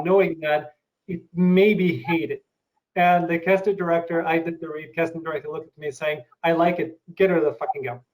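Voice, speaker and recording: A man with a fairly high voice hosts a casual interview. He speaks thoughtfully and a little haltingly, pausing to find his words as he asks questions and tells his own stories. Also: poor audio. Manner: thoughtful, halting, many fillers. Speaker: interview host.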